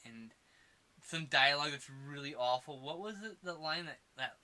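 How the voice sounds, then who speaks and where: A man co-hosting a podcast, chatting casually about a movie, excitable and quick to swear and laugh. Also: fairly high pitch. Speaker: podcast co-host. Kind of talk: casual movie review chat.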